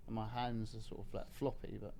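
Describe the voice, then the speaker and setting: A middle-aged man telling a story in casual podcast talk, animated and swearing, breaking into laughter. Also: lowish voice, brisk, a little hiss or hum. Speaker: podcast guest.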